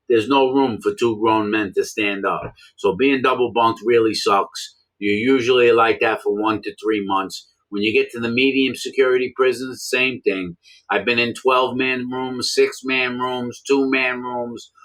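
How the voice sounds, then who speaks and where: A man's voice: medium pitch, fairly bright tone, poor audio. A man who served time in prison, talking bluntly and repeating his points for emphasis. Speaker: former prisoner explaining prison life. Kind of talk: casual monologue to camera.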